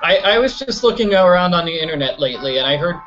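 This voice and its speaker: A man talking over a video game in a loose, rambling way, tripping into restarts and poking fun at himself. His voice sits a bit high for a man and reaches the ear dull and lo-fi. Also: lively intonation, fast, music in the background. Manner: rambling, self-mocking, stammering restarts. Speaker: let's play commentator. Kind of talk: casual gameplay commentary. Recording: dull lo-fi recording.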